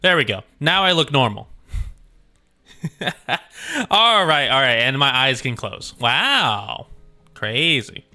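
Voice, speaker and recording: Bright-voiced, self-amused male streamer. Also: mid-range voice, sing-song, takes it slowly, long pauses, soft background music. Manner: laughs often, self-amused, rambling. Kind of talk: casual livestream chat, reading a game story.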